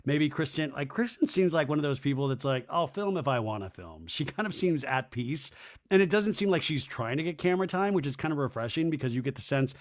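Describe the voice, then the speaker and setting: Guy with kinda high voice hosting a podcast, reading comments, lots of ums and i don't knows. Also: a little fast. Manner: chatty, thinking aloud with fillers and hedges. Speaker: podcast host. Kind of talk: casual recap chat, reading listener comments.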